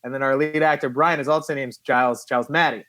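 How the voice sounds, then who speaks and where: A film producer chatting in an interview, an animated storyteller who acts out quotes and laughs often. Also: male voice, medium pitch, fast, no room sound. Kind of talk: casual interview chat.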